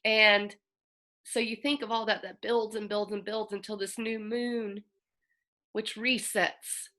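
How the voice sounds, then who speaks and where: A woman's voice: mid-range voice, little pitch movement, takes it slowly, pushed and bright. A woman astrologer hosting a casual, earnest talk, reflective and openly emotional as she speaks. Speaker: astrologer host.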